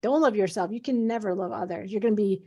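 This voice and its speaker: A woman's voice: mid-range voice, fast talker, mellow, husky. A middle-aged woman, a physician guest, speaking earnestly and animatedly in a conversational interview.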